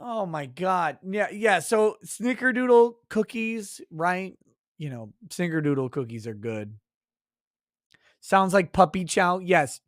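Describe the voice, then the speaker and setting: A man's voice: high voice, a bit bright, no room sound. Crude ranting man, dry sound. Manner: crude, mocking, exasperated. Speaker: livestream host. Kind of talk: casual profane rant.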